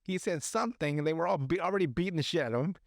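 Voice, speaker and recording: A man on a podcast casually recapping a movie, profane and animated, acting out the characters' lines as he goes. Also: fairly high pitch, very fast, gravelly, dry recording, studio quality. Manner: profane, animated retelling with acted-out quotes. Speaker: podcast host.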